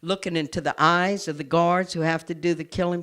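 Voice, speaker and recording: A nun giving an impassioned public speech to an audience in a room. She is earnest, and her delivery swings from forceful to hushed. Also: lowish voice, steady tone, a little fast.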